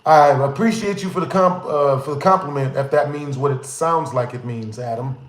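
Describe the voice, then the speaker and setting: A young man streaming live, telling a story to his chat in a casual, profane, animated way, repeating "you know what I'm saying" again and again. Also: mid-range voice, moderate pace, reverberant, rough recording.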